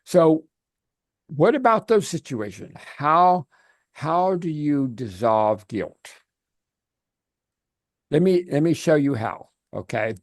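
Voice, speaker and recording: A male life coach talking over a video call, his pitch swinging lively up and down as he tells a story. He often restarts his sentences and checks in with an "okay?". The sound is dry and close, with no room echo. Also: slow pace, long pauses. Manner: animated storytelling with frequent restarts.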